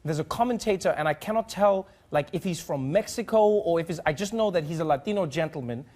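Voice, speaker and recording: A man's voice: on the high side, fast. A man from Africa, telling comic stories animatedly and acting out voices and songs. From South Africa. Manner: animated, acts out voices and sings snatches of songs. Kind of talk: comedic storytelling.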